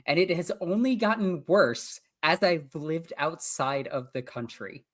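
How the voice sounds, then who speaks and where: A woman's voice: low-pitched, expressive, a little slow. Woman with a New York accent. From Queens, New York. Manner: explains lore plainly, acts out orc lines. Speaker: co-host. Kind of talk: casual livestream chat.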